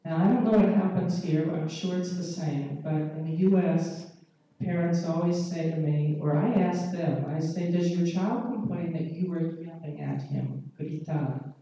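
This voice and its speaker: A woman pediatrician giving a measured, explanatory conference lecture and often checking in with the audience. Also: low voice, steady tone, warm tone, a little hiss or hum. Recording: echoey hall, mic far off.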